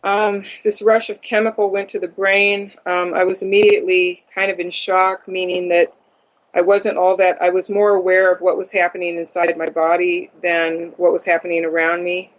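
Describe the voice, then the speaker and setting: An interview guest giving a first-person account in a halting way, with many ums and uhs. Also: medium pitch, little pitch movement. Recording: dull lo-fi audio.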